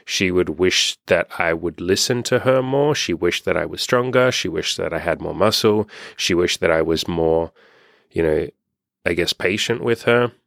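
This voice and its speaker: A man's voice: low voice, normal speed, creaky, a bit bright, no room sound, studio quality. A young adult man, a life coach, talking frankly and candidly in a casual monologue, often swearing.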